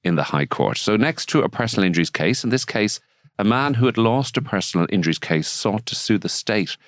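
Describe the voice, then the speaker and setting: A man's voice: lowish voice, lively intonation, fairly quick, fairly bright tone, no echo. An Irish man hosting a legal podcast in a studio, chatty and wry, with asides and fillers. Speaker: podcast host, barrister and mediator. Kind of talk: casual legal podcast chat.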